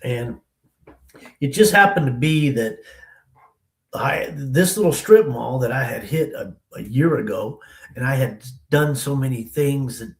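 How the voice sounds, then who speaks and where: A man's voice: medium pitch, unhurried, roomy sound, low-quality recording. A man from the Denver area telling a long story as an interview guest, in a loose, slangy way with lots of "man" and "you know". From Denver area, USA.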